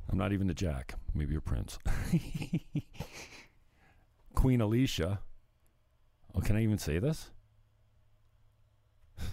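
A man with a very low voice hosts his own livestream, ranting in a loose, profane ramble. He drifts off topic and chuckles at his own jokes. The sound is dry and close, with no room echo. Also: warm tone. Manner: profane, sidetracked, laughs at himself. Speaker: livestream host. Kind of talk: casual rambling rant.

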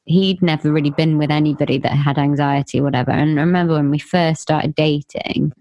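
A woman's voice: deep voice, fairly even intonation, brisk, a little mellow, no room sound. A woman in her thirties telling a personal story in casual chat, rambling with self-corrections and nervous laughs.

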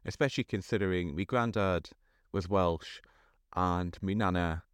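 A man's voice: low voice, normal speed, smooth, no room sound, clean studio sound. A man co-hosting a podcast in casual chat, easygoing and teasing. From North East England. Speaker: podcast co-host.

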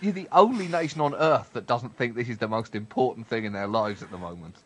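A man's voice: mid-range voice, expressive, fairly quick, heavy background noise. A man co-hosting a podcast, making an emphatic, hectoring point.

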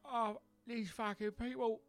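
A man's voice: extremely high pitch, level tone, unhurried, voice pushed up. A man voicing a coarse London commuter who swears and grumbles. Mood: grumbling.

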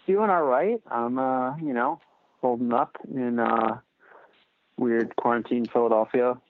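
A man guesting on a podcast, talking in a relaxed, rambling way with casual swearing. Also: mid-range voice, unhurried. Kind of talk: casual interview chat. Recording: tinny phone-like line.

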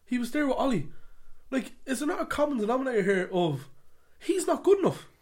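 A man co-hosting a football podcast, ranting animatedly and swinging between loud outbursts and muttered asides. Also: very high-pitched, very animated, a little fast. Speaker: podcast co-host. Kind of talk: casual football chat.

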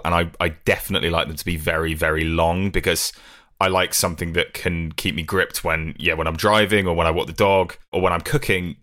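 Low-pitched male co-host, loose and chatty, self-deprecating. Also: fairly bright tone. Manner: chatty, self-deprecating, repeats words as he goes. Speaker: podcast co-host. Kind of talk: casual book chat.

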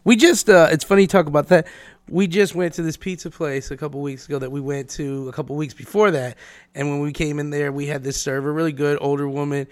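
A man's voice: a little high, steady tone, quick pace, a little mellow. A man co-hosting a podcast in casual chat, chatty and stumbling over his first words. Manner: chatty, repeats words when starting. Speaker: podcast co-host.

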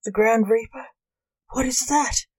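A woman voicing a jittery male ghost who loves television, jumping up high when startled. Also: a little slow, breathy edge.

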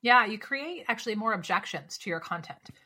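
A woman speaking coach, a podcast guest, talking in a lively, casual way and firing off rhetorical questions. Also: medium pitch, fairly quick, husky.

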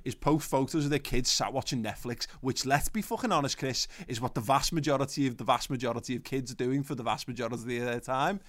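A man in his thirties talks loosely as a podcast co-host. He rambles, swears freely and trips over restarts, and his pitch sits in the middle. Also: fast talker, hardly any pauses, fairly bright tone. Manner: rambling, sweary, self-interrupting. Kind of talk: casual chat.

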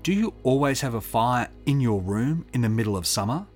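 A man's voice: medium pitch, expressive, a little fast, a little mellow, soft background music, natural voice. Man voicing a stern prosecuting barrister. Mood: pressing. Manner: pointed, pressing questions. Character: stern male prosecuting barrister, cross-examining.

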